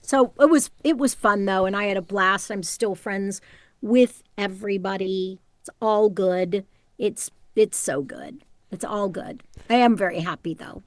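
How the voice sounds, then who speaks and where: Woman, middle-aged voice actor, animated storyteller, casual interview, dry close sound, home booth. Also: medium pitch, measured pace, dry recording. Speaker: voice actor guest.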